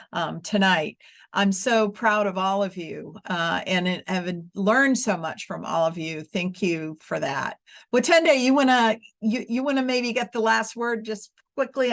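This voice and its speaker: A woman in the middle of her vocal range wraps up a teacher webinar over a video call. She encourages her listeners and drops in filler words as she goes. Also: medium pitch. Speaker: webinar faculty leader. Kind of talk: warm wrap-up of a teacher webinar.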